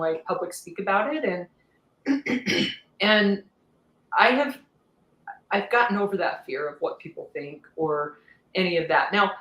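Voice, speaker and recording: A woman guest on a podcast, telling her story in a candid, lively way, laughing often and acting out what others said. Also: fairly low pitch, echoey room, rough recording. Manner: animated, laughs often, acts out quoted voices.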